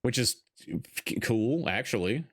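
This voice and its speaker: A man's voice: mid-range voice, expressive, a little slow. A man hosting a podcast, chatting casually while watching a film, laughing often and swearing freely. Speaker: podcast host.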